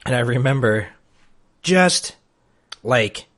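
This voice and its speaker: A man chatting on a podcast, his voice leaping up and down as he gets into a story. He is animated and self-deprecating, speaking at a middle pitch with lots of movement. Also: takes it slowly. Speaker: podcast co-host. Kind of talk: casual podcast discussion.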